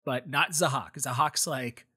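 Husky, bright-voiced man telling a story. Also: mid-range voice, a little slow. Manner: rambling, many restarts and fillers, voices characters in quotes. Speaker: podcast co-host. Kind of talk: casual storytelling chat.

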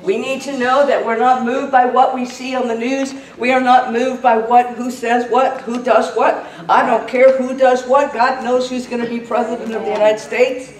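A woman's voice: on the high side, little pitch movement, normal speed, hardly any pauses. Fervent woman preacher in an echoey church. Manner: fervent, building to a shouted prayer. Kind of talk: sermon. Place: church sanctuary. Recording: roomy church sound from a distance.

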